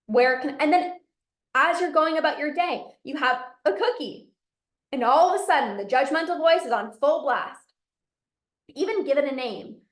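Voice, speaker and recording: A woman's voice: high voice, animated, moderate pace, reverberant. A woman, a binge eating coach, giving an emphatic motivational talk to a live audience and repeating her key phrases.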